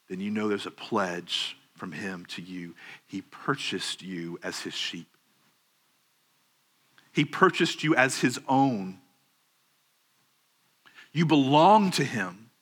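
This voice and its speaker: Guy preaching, bright voice, earnest, gets urgent asking questions. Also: fairly low pitch. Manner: earnest, rising to urgent questions, slowing on key phrases. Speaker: pastor. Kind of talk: sermon.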